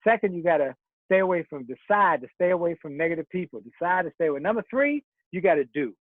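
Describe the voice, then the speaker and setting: A man's voice: a little high, animated, fast, no echo. A man giving a motivational keynote speech, telling stories in a preacherly rhythm with rhymed slogans. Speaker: keynote speaker. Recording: tinny phone-like audio.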